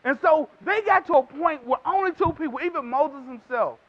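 Casting: very high-pitched male Texan preacher, emphatic sermon delivery, muffled lo-fi audio. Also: expressive, normal speed. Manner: emphatic preaching, acts out quotes in character voices. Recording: dull lo-fi recording.

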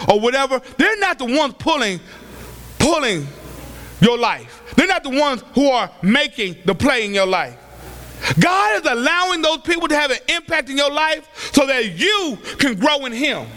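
A man preaching a sermon, asking his listeners question after question, breaking into shouts and dropping low to act out the people he quotes. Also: sing-song, a little slow, in a large hall. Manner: acts out quoted voices in a lower register.

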